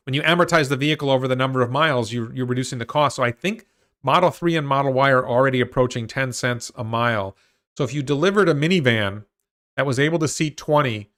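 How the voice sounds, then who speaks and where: A man hosting a livestream, talking through ideas out loud with restarts and reading viewer comments before launching into a rant. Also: mid-range voice. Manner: thinks aloud with restarts, reads comments. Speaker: host of a livestream on stocks. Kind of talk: solo livestream talk and rant.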